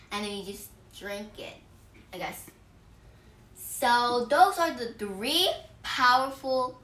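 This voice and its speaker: Slow, bright-voiced woman vlogger. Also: fairly high pitch, recorded from a distance, a little hiss or hum. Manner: simple, earnest explaining with restarts. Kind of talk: casual explainer vlog. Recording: echoey room, voice off the mic.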